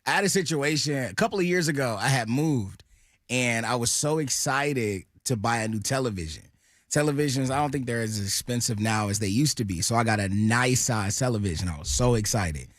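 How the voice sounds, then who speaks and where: Excitable male radio co-host. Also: mid-range voice, a little fast, no room sound, studio quality. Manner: excited, laughing storyteller. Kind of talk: casual radio banter.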